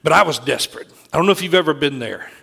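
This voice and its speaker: A man's voice: on the high side, expressive, quick pace, creaky, pushed and bright, breathy edge. A middle-aged man preaching a sermon, telling a personal story in an earnest way and often restarting his sentences.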